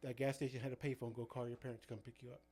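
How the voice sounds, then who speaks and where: A man chats casually as a youth pastor, telling van stories from ministry trips. His delivery rambles, packed with fillers and false starts, in a mid-pitched everyday voice. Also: level tone, racing, a little mellow, breathy edge. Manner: rambling, full of fillers and restarts. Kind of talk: casual storytelling chat.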